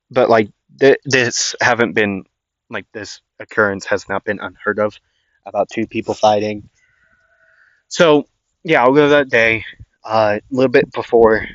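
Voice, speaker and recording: A man's voice: fairly low pitch, a bit bright, no room sound. A man telling an improvised fan story in a rambling, casual way, full of fillers and little checks, in a dull lo-fi recording.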